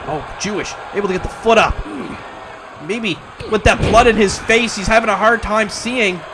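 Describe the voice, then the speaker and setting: A man calling wrestling play-by-play, excitable and breaking into shouts at near-falls. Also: sits high, moderate pace, background noise. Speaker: wrestling commentator. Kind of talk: play-by-play commentary.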